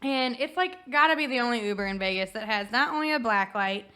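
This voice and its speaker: A young woman with a bright, slightly high voice, chatting as a podcast guest. She tells her story in an animated way, acting out quotes and leaning on "like" as a filler. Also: quick pace. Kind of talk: casual storytelling chat.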